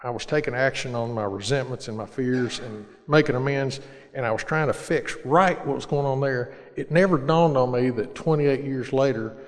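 Middle-aged male speaker, earnest and plain, average pitch, long hall reverb. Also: normal speed. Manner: earnest, plain-spoken, with repeated restarts. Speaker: speaker sharing his recovery story. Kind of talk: personal storytelling talk.

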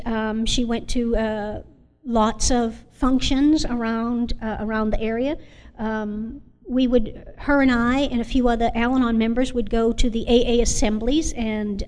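A woman tells her recovery story in an earnest, reflective way, stopping often to gather her words with fillers. Her voice sits a little on the higher side. It rings out with the long reverb of a big room. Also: darkish tone. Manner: halting, with many pauses and fillers. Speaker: Al-Anon member sharing her story. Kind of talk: personal testimony.

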